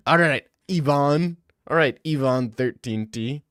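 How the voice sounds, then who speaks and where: A man's voice: mid-range voice, slow, a bit bright, no echo, studio quality. A young man streaming, reading live comments in joking, rambling casual chat.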